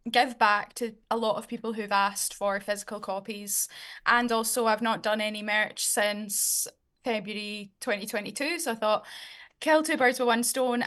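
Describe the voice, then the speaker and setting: Young woman, Scottish accent, singer guest, easygoing talk, mid pitch. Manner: relaxed, chatty, uses fillers like "um" and "like". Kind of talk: casual interview chat.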